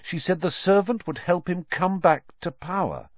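A man's voice: moderate pace, no echo. A man voicing an earnest, anxious teenage boy wizard who talks in urgent, pleading bursts. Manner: urgent, pleading, rising pitch. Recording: slightly dull lo-fi audio.

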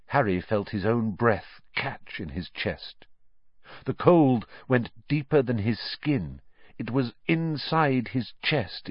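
A man's voice: medium pitch, dry recording, highs cut off. A man narrating an audiobook with dramatic, suspenseful storytelling. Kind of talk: scripted narration.

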